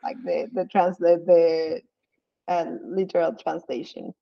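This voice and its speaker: A woman from France, chatting casually, laughing often and pausing on fillers. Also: lowish voice, flat delivery, creaky, lo-fi sound. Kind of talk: casual comedic chat.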